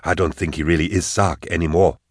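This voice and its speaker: A man's voice: deep voice, fairly even intonation, a little fast, no echo, studio quality. A man voicing a hard male schemer who gives curt orders. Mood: grim.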